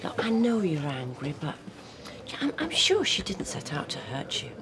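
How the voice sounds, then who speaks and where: A woman's voice: low-pitched, huge pitch swings, moderate pace, a crowd in the background. An actress playing an indignant woman reproaching a neighbour.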